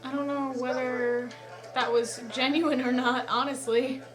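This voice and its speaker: A woman with a high voice reacts casually to a show, chatty and effusive, with plenty of "like" and cursing. The show's music is clearly audible beneath her voice. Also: level tone, measured pace. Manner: chatty and effusive, heavy on "like", swears often. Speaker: reaction video host.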